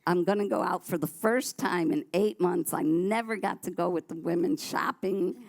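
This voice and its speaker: A woman's voice: fairly low pitch, normal speed, vocal fry, a little mellow. A woman sharing her personal testimony on a church talk show, telling her story vividly and animatedly, often restarting her sentences.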